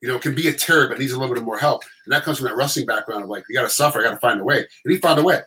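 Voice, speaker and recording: A middle-aged man telling stories in casual chat, animated and acting out quotes in other voices. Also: mid-range voice, rapid-fire, low-quality recording.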